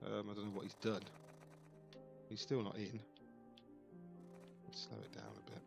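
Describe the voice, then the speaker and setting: A man's voice: lowish voice, little pitch movement, moderate pace, creaky, over music. A man giving casual let's play commentary, thinking aloud and reading on-screen text with puzzled asides.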